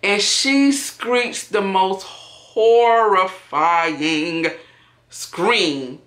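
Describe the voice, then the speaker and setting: A woman's voice: mid-range voice, very slow. A woman vlogger telling a casual story while wrapping gifts, acting out what people said, recorded in an echoey room. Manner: animated, acts out quotes.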